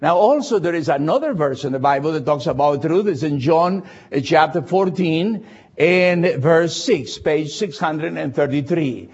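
An older man delivers a sermon in slightly higher-than-usual, husky tones. He speaks slowly and deliberately in non-native English, drawing out scripture for emphasis. The recording is dull and lo-fi. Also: lively intonation. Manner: deliberate, slows to stress scripture. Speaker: preacher.

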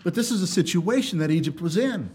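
A man preaching a sermon, swinging between loud emphasis and quiet asides, and reading scripture in a measured cadence. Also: high-pitched, animated, a little hiss or hum.

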